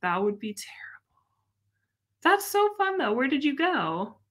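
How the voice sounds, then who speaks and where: Chatty young woman host, bright, fairly high voice, expressive and quick to laugh. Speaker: livestream host. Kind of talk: casual live-stream chat.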